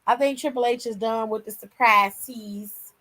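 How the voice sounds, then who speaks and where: A woman's voice: fairly high pitch, fairly even intonation, a little slow, fairly bright tone, low-quality recording. A woman hosting a wrestling channel, chatting casually and slangily with viewers on a live stream while tired and yawning.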